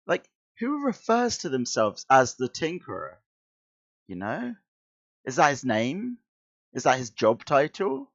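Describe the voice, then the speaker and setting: A man's voice: mid-range voice, wildly swooping pitch, a little slow, vocal fry, lo-fi sound. A man who teaches school, reading a comic aloud on a stream and breaking off into chatty, amused asides. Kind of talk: casual comic read-along commentary.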